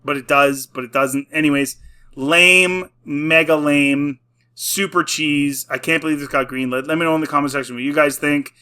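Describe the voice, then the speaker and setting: A man's voice: on the high side, steady tone, moderate pace, bright, forceful tone, clean tone. A young man ranting casually about a show he reviews, exasperated and sarcastic, with lots of fillers. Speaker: YouTube reviewer.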